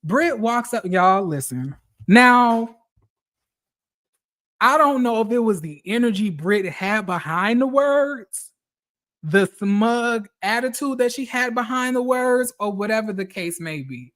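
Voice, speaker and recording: Talking directly to his viewers, a man gives an animated, profane, casual recap of a reality TV episode in a high-pitched voice at a slow pace.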